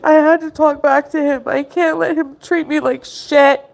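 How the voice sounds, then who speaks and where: A woman's voice: high voice, steady tone, moderate pace, vocal fry, few pauses. A woman livestreaming in distress, pleading and accusing, tearful at times. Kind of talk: emotional livestream argument. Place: indoors, abroad.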